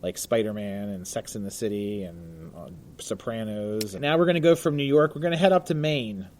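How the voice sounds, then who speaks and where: A man co-hosting a casual podcast conversation, chatty and jokey, laughing often and filling pauses with "uh". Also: on the low side, a little mellow, slight background noise. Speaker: podcast co-host. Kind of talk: casual chat. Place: Baltimore.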